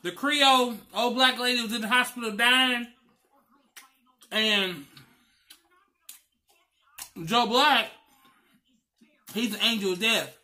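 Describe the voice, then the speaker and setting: A man's voice: extremely high pitch, slow, pauses often. A man vlogging while eating, chatting casually and telling stories with a lot of emotion. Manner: emotional, animated storytelling. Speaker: mukbang vlogger. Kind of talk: casual chat over a meal.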